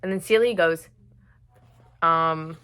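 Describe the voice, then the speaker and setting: A young woman talks through a novel in a casual vlog and reads passages aloud along the way. Her voice sits a little low but sounds bright and sharp. She rambles with plenty of fillers and swears when something annoys her. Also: takes it slowly, smooth. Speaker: book reviewer.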